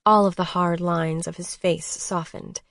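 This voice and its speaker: A woman's voice: lowish voice, steady tone, a little slow, creaky, a bit bright, no room sound, clean studio sound. A woman narrating a first-person romance audiobook in an intimate, emotional way.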